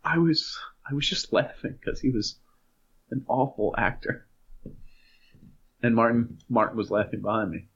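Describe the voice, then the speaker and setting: A man's voice: mid-range voice, moderate pace, long pauses, a bit bright, husky. A man in his thirties co-hosting a podcast in casual chat, often laughing while telling stories. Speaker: podcast co-host. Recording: dull lo-fi sound.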